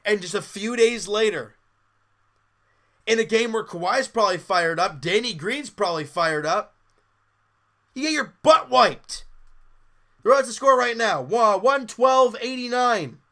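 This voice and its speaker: A man's voice: high voice, lively intonation, unhurried, pauses often, sharp tone. A man hosting a sports podcast, candidly and exasperatedly breaking down a live basketball game like a fan. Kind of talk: casual live game commentary.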